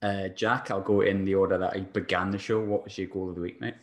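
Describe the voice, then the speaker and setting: Male podcast host, chatty and rambling, slightly low pitch. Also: level tone, quick pace. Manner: chatty, rambling, laughs a lot. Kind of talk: casual chat.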